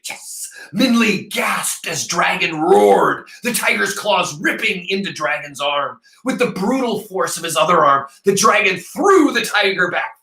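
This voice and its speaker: A man's voice: a little high, gravelly, pushed and bright, echoey room, low-quality recording. A man, a teacher, reading a novel aloud to his class and stopping often to talk with the students.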